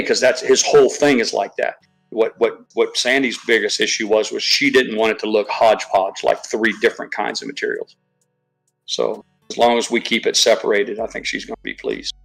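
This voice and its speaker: A man's voice: mid-range voice, low-quality recording. A man chatting casually on a live stream, rambling, swearing freely and restarting his sentences often. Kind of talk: casual chat.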